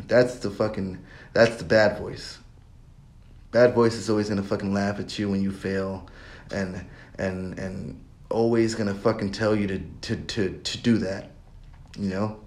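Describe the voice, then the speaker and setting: A man's voice: fairly low pitch, fairly even intonation, measured pace. A young man hosting his own podcast, talking in a rambling, profane monologue that loops back on itself. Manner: rambling, profane, repeats himself. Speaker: podcast host. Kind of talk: casual monologue.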